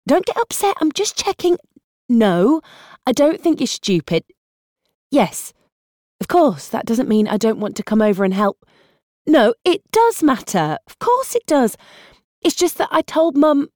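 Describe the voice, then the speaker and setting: A woman reading an audiobook, voicing a harried young woman with a British accent who juggles phone calls while driving and talks in a brisk, exasperated way. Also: on the high side, sing-song, darkish tone, dry recording, clean studio sound, voice pushed up. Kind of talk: audiobook character voice.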